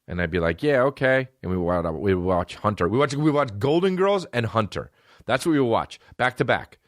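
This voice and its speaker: A man's voice: fairly low pitch, a little fast, no room sound, studio quality. A man hosting a podcast, telling rambling, profane childhood stories in a casual comedic monologue. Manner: rambling, profane, animated storytelling. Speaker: podcast host.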